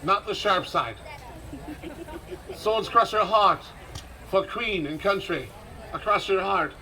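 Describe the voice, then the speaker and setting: A man's voice: sits high, slow, sharp tone, poor audio. A man leading a crowd in live outdoor street theater, commanding and theatrical with dry sarcastic asides. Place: outdoor festival stage.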